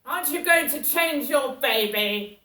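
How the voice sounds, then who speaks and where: A woman's voice: mid-range voice, takes it slowly, a bit bright, far from the mic. A woman mimicking an officious, nasty woman scolding her in a hospital, recorded in an echoey room away from the mic.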